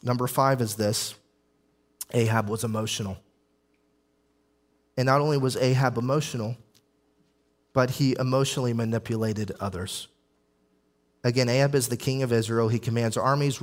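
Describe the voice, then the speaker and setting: A man's voice: mid-range voice, fairly even intonation, moderate pace, long pauses. A young adult man, a pastor, preaching an emphatic sermon with repeated phrases and listed points.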